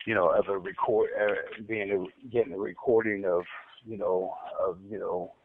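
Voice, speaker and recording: A man's voice: low voice, steady tone, moderate pace, background noise. A man with a stutter telling his story on a recorded phone call, rambling and repeating himself. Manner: rambling, repeats words, heated when recounting. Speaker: inmate telling his account. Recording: tinny prison phone line.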